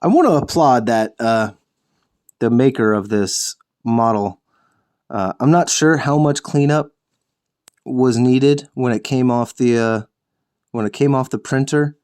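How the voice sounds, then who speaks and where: A young man talks casually while painting miniatures, rambling and correcting himself as he goes. He jokes around and curses now and then. His voice sits at an ordinary middle pitch. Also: a little slow, a little mellow, clear, resonant tone. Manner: rambling, self-correcting, jokey with swearing. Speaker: host of a miniature painting show.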